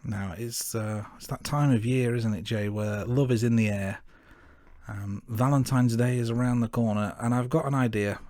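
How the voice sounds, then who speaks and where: A man from the English Midlands co-hosting a casual film podcast, steady and dryly teasing. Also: medium pitch, normal speed, no echo, clean studio sound. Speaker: podcast co-host.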